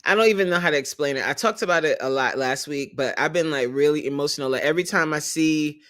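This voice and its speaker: A fitness coach hosting a casual livestream, animated and openly emotional, laughing often and greeting viewers in the chat by name. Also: mid-range voice, fast.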